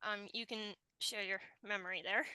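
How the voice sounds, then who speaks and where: Bright, smooth-voiced woman hosting. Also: mid-range voice, steady tone, normal speed, dry recording, rough recording. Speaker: podcast host. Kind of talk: casual group chat.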